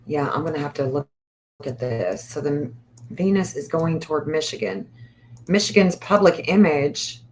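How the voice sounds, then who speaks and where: A woman hosting a casual livestream, reading an astrology chart aloud and thinking out loud in a hesitant, repetitive way. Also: low voice, expressive, normal speed, slight background noise.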